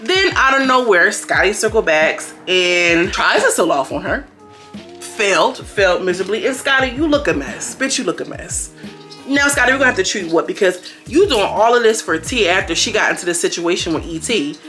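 Animated, bright-voiced young woman recapping. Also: medium pitch, a little fast, faint music behind. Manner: animated and slangy, acting out quotes in character voices. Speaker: reality TV reviewer. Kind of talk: casual recap commentary.

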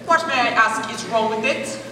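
A woman's voice: a little high, moderate pace, close to an everyday voice. A woman playing a touchy male playwright. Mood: defensive. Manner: reads stage directions aloud, indignant and defensive. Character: fussy male playwright, touchy about his work. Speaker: stage actor. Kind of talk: amateur stage play performance. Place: stage in a large hall. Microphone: far room mic. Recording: echoey hall from far off, audience noise.

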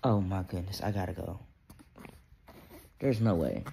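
A man's voice: deep voice, a little slow, vocal fry, dark tone, slightly rough. Emotional young father vlogging. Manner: emotional, talks to camera and baby. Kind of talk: casual family vlog.

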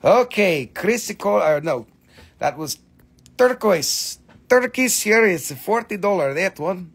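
A man's voice: high-pitched, big pitch swings, slow pace, a bit bright, husky. A man casually hosting a live-stream crystal sale, joking around, swearing loosely and repeating himself. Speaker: host selling crystals.

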